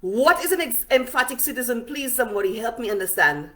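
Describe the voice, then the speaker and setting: A woman giving forceful, scolding political commentary on a livestream, repeating herself as she builds her point. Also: on the high side, very animated, fairly quick. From Saint Lucia.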